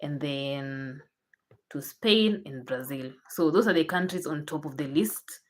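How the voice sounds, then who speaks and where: Young Kenyan woman, low voice, chatty vlogger who repeats herself and restarts. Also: expressive, unhurried. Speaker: YouTuber. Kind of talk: casual chat to camera.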